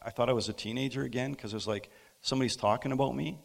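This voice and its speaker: A man preaching a sermon as a pastor, telling a story in a halting, unhurried way with frequent pauses. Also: mid-range voice, fairly even intonation, creaky. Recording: long hall reverb.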